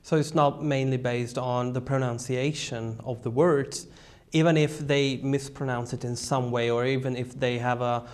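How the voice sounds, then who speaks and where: A man's voice: medium pitch, fairly even intonation, normal speed. Hungarian-accented man interviewing a guest. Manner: long carefully built questions. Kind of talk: interview questions in English.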